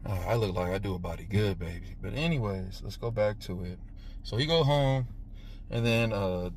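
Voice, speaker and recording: Profane man retelling a film, boom effects. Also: a little hiss or hum. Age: 30s. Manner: animated, profane, says "right?" constantly; makes "boom" sound effects while retelling. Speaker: movie reviewer. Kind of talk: casual movie review.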